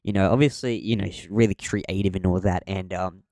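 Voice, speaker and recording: A young man talks casually on a podcast in a low voice, rambling through his thoughts with frequent ums and false starts. The sound is dry and close, with no room echo. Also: fairly even intonation, darkish tone. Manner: rambling, halting, with many ums and restarts. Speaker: podcast co-host.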